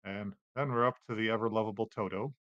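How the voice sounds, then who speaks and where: A man with a fairly low voice runs a tabletop game as its game master. He narrates in a relaxed way and laughs easily. The recording is dry and close. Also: fast, no room sound, muffled recording.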